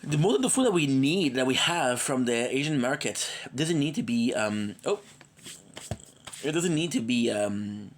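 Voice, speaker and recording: A man's voice: mid-range voice, expressive, moderate pace, a little hiss or hum. A man streaming games live, chatting in a rambling, playful way with his viewers, tired and coming down with a cold. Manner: rambling and playful, drops in foreign words; chats with viewers by name. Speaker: gaming streamer. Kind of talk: casual livestream chat.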